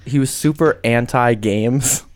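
A man's voice: mid-range voice, a little slow. A young man co-hosting a casual chat, telling school stories with easy laughter.

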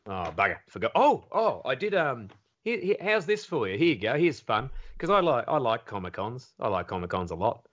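A man with an Australian accent, a comedian telling stories in casual podcast chat, animated and swearing freely. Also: mid-range voice, brisk. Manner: animated storyteller, swears freely, acts out quotes. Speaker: comedian guest. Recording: dull lo-fi audio.

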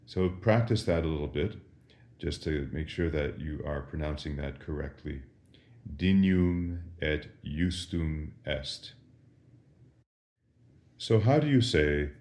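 A man, a priest, patiently teaching Latin responses in a slow lesson, pausing for the listener to answer each question. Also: very deep voice, warm tone. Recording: roomy echo.

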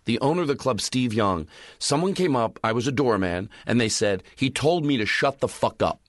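A man in a close-miked podcast chat, recounting comedy club stories with animated energy. He talks plainly, then works up into loud, ranting bits when he acts out his anger. The sound is dry and close. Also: mid-range voice, a little fast, dry recording. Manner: animated storyteller, rants loudly when acting out anger. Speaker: stand-up comedian telling stories.

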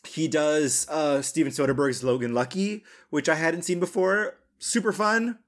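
A man's voice: on the high side, moderate pace. Rambling, blunt male podcast co-host. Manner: rambling, blunt, heavy on fillers and swearing. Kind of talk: casual film podcast chat.

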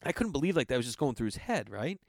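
Dude rambling through a story, says like a lot, dry close sound, average pitch. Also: male voice, sing-song, fast talker, creaky, a little mellow, no room sound. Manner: rambling, with constant filler 'like'. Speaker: actor telling a story. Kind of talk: casual anecdote.

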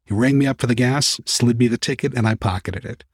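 A man narrating a first-person story as an audiobook reader, calm and even. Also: mid-range voice, brisk, hardly any pauses, no room sound, studio quality.

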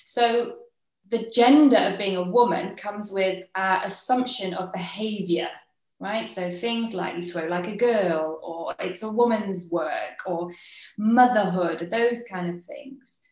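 A woman with an English accent, co-hosting a podcast and talking things through in a reflective, quick way. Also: medium pitch, darkish tone. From England. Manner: reflective, explains in quick bursts. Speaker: podcast co-host. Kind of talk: casual podcast chat. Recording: roomy echo.

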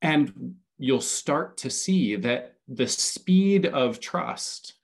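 Man, podcast guest, mid-pitched voice, enthusiastic, explains step by step, casual chat. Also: lively intonation, very slow, slightly rough. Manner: enthusiastic, explanatory, speaks in building lists. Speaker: podcast guest, community consultant.

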